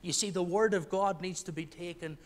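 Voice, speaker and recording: A man's voice: sits high, fairly quick. A man preaching a sermon as pastor, earnest, with restarts and swells of emphasis. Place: church. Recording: church hall with long reverb.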